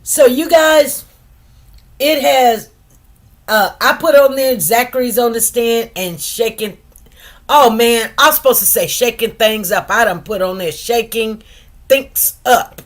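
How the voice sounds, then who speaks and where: A woman's voice: mid-range voice, unhurried. A woman hosting a live stream, chatting casually and directly to her viewers in a slangy, talkative way. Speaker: livestream host. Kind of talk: casual commentary to a live chat.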